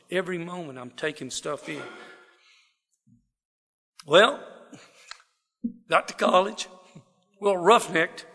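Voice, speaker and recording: Gravelly Texas man telling his story. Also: a little high. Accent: Southern US, Texas. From South Texas. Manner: folksy, self-deprecating, animated storytelling with quoted voices. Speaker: speaker sharing his recovery story. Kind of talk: personal storytelling talk. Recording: long hall reverb.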